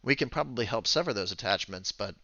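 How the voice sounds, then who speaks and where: A man voicing a calm, firm faction leader. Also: on the low side, vocal fry, no echo, lo-fi sound, exaggerated voice. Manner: measured, halting, with many fillers.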